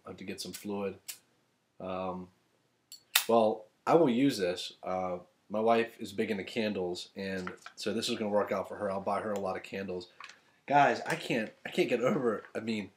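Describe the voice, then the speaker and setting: A man unboxing gifts from fans at home, talking casually and rambling, getting excited and cracking self-deprecating jokes. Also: lowish voice, slight background noise. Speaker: author unboxing fan gifts. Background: thunder and a dog's collar.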